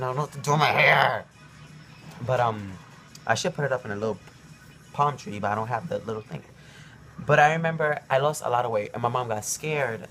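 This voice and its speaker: A man's voice: medium pitch, fairly bright tone. Rambling emotional young man. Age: young adult. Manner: rambling, emotional, many ums and likes. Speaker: vlogger. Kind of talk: casual personal storytelling to camera.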